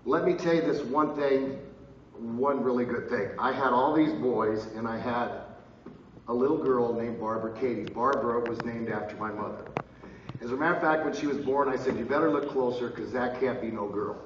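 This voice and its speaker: A middle-aged man telling a personal story to an audience, lively and loud, acting out what others said. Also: mid-range voice, normal speed, a little hiss or hum. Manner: lively, loud bursts and laughs, slips into voices of others. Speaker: speaker telling his story at a live event. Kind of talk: animated storytelling with acted-out quotes. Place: large casino hall. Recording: roomy, distant, dull audio with ambience.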